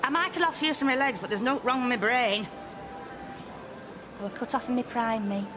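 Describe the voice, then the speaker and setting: A woman's voice: on the high side, moderate pace, background noise, natural voice. An actress playing a blunt, cheeky older woman in a wheelchair in a TV soap drama.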